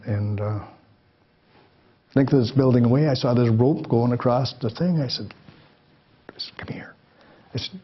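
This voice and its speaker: A man's voice: on the low side, breathy edge, dull audio. A man in his sixties telling folksy personal stories to a live audience, acting out the voices of the people in them. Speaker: guest speaker. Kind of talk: storytelling talk to a live audience.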